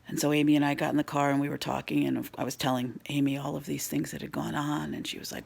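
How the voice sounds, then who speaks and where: A woman telling a spooky ghost story in a hushed voice that often drops to a whisper. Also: low-pitched, level tone, fast talker, creaky, few pauses.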